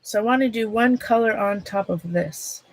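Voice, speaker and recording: A woman's voice: medium pitch, no room sound, rough recording. Chatty Minnesota woman livestreaming craft. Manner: chatty, rambling, self-interrupting, quick to laugh. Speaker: art livestream host. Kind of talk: casual livestream chat while demonstrating a craft.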